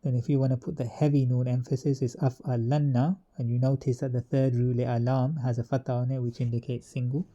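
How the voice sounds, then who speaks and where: A man methodically explaining an Arabic grammar table to students, with pauses, fillers and restarts. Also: medium pitch, little pitch movement, dark tone, lo-fi sound. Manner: methodical, repetitive teaching.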